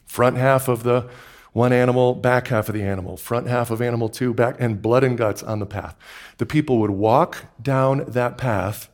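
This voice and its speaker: A man preaches from the pulpit in a voice of middle pitch. He moves between quiet, slowed-down reading and loud, excited passages, often repeating words for emphasis. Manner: dramatic swings from hushed to loud and excited. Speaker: pastor. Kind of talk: sermon.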